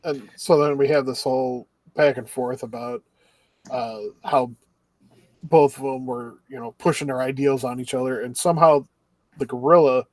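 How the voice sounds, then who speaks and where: A man's voice: medium pitch, steady tone, normal speed, darkish tone, no echo. A man co-hosting a casual podcast, recapping anime episodes in a rambling way and acting out the characters' lines. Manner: rambling recap with acted-out quotes. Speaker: podcast co-host.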